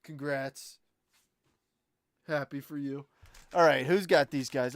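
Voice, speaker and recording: A young man runs a live card break in a slightly high voice. He rattles off an easy stream of commentary and calls out to his viewers by name. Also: takes it slowly, no echo. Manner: chatty, excitable, talks to chat viewers by name.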